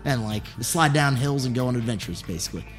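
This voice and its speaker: A man co-hosting a casual podcast chat, joking and riffing with deadpan asides. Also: mid-range voice, fast, music in the background. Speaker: podcast co-host.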